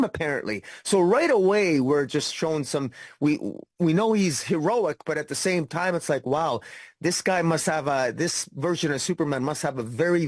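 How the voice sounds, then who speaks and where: A man's voice: a little high, no room sound. Man thinking aloud about comics, dry sound. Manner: thinks aloud with stammered restarts. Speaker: podcast co-host. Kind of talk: casual comic book discussion.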